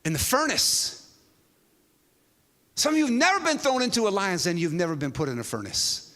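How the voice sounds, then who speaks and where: A man preaching a sermon to a church, telling a story with an animated delivery that swings from hushed to loud. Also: sits high, normal speed. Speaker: pastor. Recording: long hall reverb.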